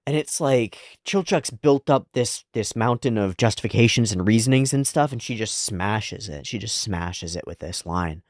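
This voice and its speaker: A man with a fairly low, expressive voice gives loose, reflective analytical commentary on an anime episode, thinking aloud and leaning on "like" as he works through his points. He speaks at a normal speed with hardly any pauses, in a dry, close recording with no room sound.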